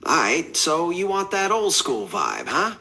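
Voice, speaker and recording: A man's voice: fairly high pitch, wildly swooping pitch, slow, pushed and bright. A synthetic male voice assistant, obliging and eager to please, chatting casually in laid-back slang.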